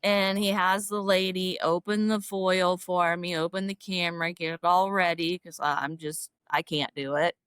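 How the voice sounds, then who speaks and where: A woman's voice: moderate pace, hardly any pauses, clean tone, no echo. Emotional middle-aged woman telling a story. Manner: animated storyteller, acts out quoted dialogue in a higher voice; emotional, self-described crier. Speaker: podcast guest. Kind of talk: casual storytelling interview.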